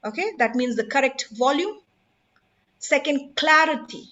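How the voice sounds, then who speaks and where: Woman, public speaking trainer, emphatic, high-pitched, dull lo-fi audio. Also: expressive, measured pace, bright, forceful tone. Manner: emphatic, instructive, asks the audience questions. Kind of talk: online workshop talk.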